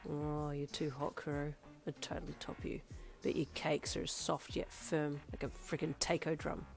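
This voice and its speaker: A woman voicing a drunk, boastful young team captain who slurs and shouts. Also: low-pitched, flat delivery, normal speed, creaky, soft background music. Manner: slurring, loud and swaggering.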